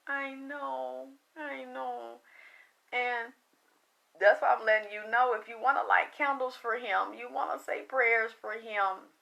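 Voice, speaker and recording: A woman's voice: a little high, fairly even intonation, normal speed, gravelly, a bit bright, highs cut off. A tired woman talking to her livestream viewers, emotional and rambling, often trailing off into sighs. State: tired from late night. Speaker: psychic reader.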